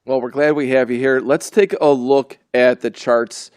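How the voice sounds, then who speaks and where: A man's voice: mid-range voice, steady tone, moderate pace, darkish tone, clean tone, dry recording, clean studio sound. A man hosting a live trading show, bantering and joking with his guests before turning to the charts. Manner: jokey, bantering, hesitant restarts. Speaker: host.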